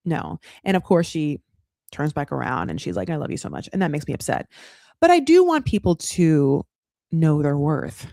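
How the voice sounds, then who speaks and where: A woman hosting a casual reality TV recap, talking in sassy, animated bursts and swearing freely. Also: sits low, normal speed, no room sound, studio quality.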